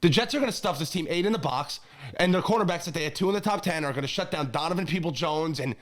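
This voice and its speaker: Excitable young man ranting. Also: on the high side, quick pace. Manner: excitable, ranting, gets worked up. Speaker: co-host. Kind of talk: casual sports chat.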